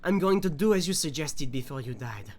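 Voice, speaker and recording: A man's voice: on the high side, animated, fairly quick, a little mellow. A man reading a note aloud as a frightened, grieving soldier, in a put-on French accent and a mournful, dramatic manner. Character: grieving, frightened soldier writing to a dead comrade.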